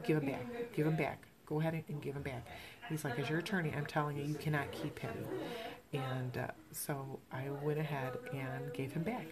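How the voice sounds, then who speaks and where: A middle-aged woman hosting a podcast, telling a personal story in an emotional, halting way with many restarts. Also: deep voice. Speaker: podcast host.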